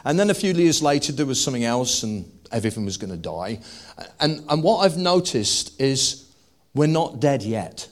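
A man preaching a humorous sermon to a live congregation. He jokes and then builds to loud, emphatic declarations. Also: mid-range voice, big pitch swings, normal speed.

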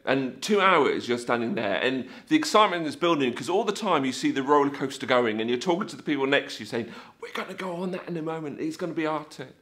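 A man giving an animated faith talk for families, telling stories and acting out scenes with sound effects. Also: mid-range voice.

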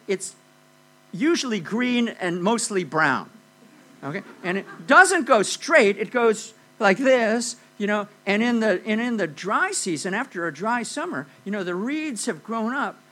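Animated husky male preacher. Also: sits high, measured pace, poor audio. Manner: animated storytelling with frequent "okay?" and "you know". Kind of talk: sermon.

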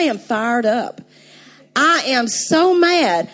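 An older woman preaching a sermon, telling a story with animated emphasis and laughing now and then. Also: high voice, takes it slowly, soft background music.

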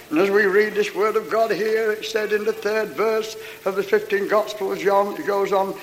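A man preaching a revival sermon and altar call, fervent, with drawn-out exclamations and speaking in tongues, at a church meeting. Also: high-pitched, steady tone. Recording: long hall reverb.

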